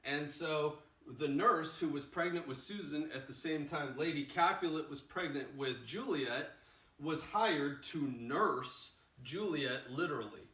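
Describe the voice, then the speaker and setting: A man teaching a play in a casual, animated way, recorded in a roomy space with the mic far off. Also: a little high, a little slow. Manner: casual and animated, acts out lines. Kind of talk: explaining a play scene.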